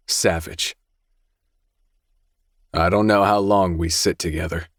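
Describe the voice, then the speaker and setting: A man with a very deep, low voice reads a first-person audiobook in a measured, introspective way. The sound is dry and close, with no room around it. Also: dry recording. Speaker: audiobook narrator.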